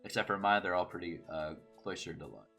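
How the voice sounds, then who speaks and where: A man's voice: deep voice, brisk, vocal fry, bright, forceful tone, faint music behind, pitched below the performer's own voice, full character voice. A man reading as a smug station attendant. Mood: chatty. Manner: self-important, chatty. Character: chatty know-it-all station attendant. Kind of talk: reading game dialogue aloud.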